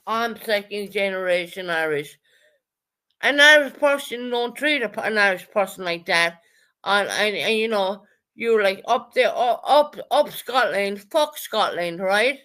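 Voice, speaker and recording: A woman on a livestream rants at her chat in a heated, profane stream of talk. She keeps circling back to the same accusations and singles out viewers by name. Her voice sits at a middle pitch for a woman. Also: animated, measured pace, bright, forceful tone. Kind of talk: angry livestream rant.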